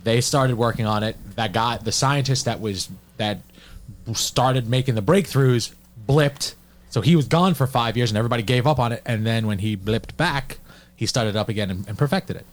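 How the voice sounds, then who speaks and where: A man in casual chat as a co-host, laughing often and getting animated when he jokes. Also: mid-range voice, moderate pace.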